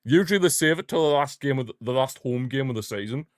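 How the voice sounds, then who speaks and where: A man's voice: medium pitch, expressive, fast, dry recording, clean studio sound. A man streaming a football watchalong, giving blunt, partisan live fan commentary and mocking the rival side.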